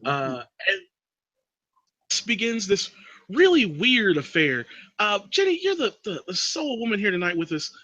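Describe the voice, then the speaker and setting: Bright-voiced man recapping a movie. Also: normal speed, dry recording, dull audio. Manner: animated storyteller, drops into a creepy low voice for quotes. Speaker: podcast host recapping a movie. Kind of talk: casual movie recap chat.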